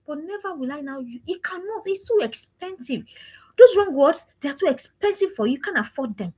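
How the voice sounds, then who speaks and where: A woman's voice: high voice, animated, fairly quick, mellow. A woman giving an emphatic, preachy parenting talk with lots of repetition. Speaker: parenting coach.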